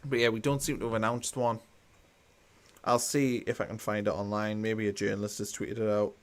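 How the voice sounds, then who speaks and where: A man's voice: fairly low pitch, little pitch movement, brisk. A man hosting a live football watchalong, chatting casually and reading out viewer comments with a dry, mildly sarcastic tone. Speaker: watchalong host.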